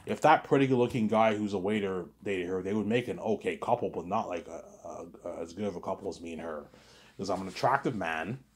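A young man rambles on in a casual monologue, circling back to the same points and swearing freely. His voice sits a little low for a man. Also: fairly quick. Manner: rambling, repetitive, swears often. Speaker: vlogger.

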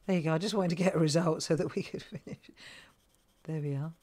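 A middle-aged woman with a low, easy voice talks viewers through a colouring project on a live craft stream. She thinks aloud, asks questions and chats while she works at her table. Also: fairly even intonation, fast talker, darkish tone. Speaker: craft host. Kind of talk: live crafting tutorial chat.

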